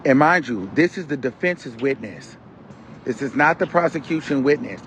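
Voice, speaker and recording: A man giving a casual, animated commentary, retelling events dramatically and with loud exclamations. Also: medium pitch, moderate pace, slight background noise. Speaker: commentary host.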